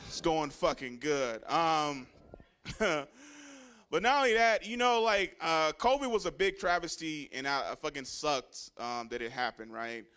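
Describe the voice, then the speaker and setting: A man doing a stand-up set, telling stories loudly with shouted punchlines and dropping into low, mumbled voices for the people in them. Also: a little slow. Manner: loud, animated storytelling with shouted punchlines; swears a lot, drops into low mumbling voices for characters. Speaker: stand-up comedian. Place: comedy club stage.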